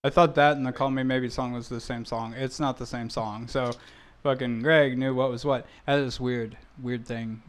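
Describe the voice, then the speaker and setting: A man's voice: mid-range voice, steady tone, moderate pace, smooth. A man hosting a crude casual podcast, rambling and swearing between laughs. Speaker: podcast host.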